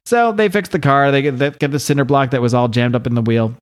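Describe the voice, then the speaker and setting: Man, podcast co-host, casual chat, rambling animated recap, medium pitch. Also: fast talker.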